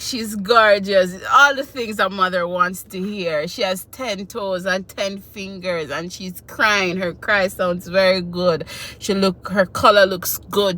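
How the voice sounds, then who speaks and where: A woman, telling a personal story in a casual, animated and emotional way. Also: mid-range voice. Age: 20s. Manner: animated, emotional retelling with quoted voices. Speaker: vlogger.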